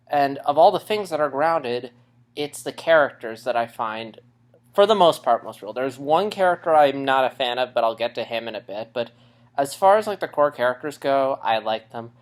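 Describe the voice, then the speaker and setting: Slightly winded young man rambling casually. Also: medium pitch. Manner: rambling, with restarts and shifts in loudness. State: a little out of breath after a run. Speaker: vlogger reviewing a cartoon series. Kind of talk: casual unscripted rambling vlog.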